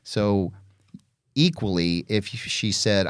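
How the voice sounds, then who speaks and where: A man's voice: deep voice, normal speed, clear, resonant tone, no echo, studio quality. A middle-aged man, the show's host, talking bluntly and with profanity in casual podcast chat, acting out parent and child voices as he tells stories. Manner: blunt, profane, animated storytelling.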